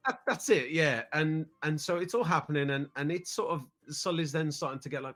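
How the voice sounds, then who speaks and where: This thirty-something guest from the UK talks a little fast in a fairly bright, higher voice, barely pausing as he recounts a family trip on a podcast. His telling is loose and rambling, with frequent repeated words at the start of sentences.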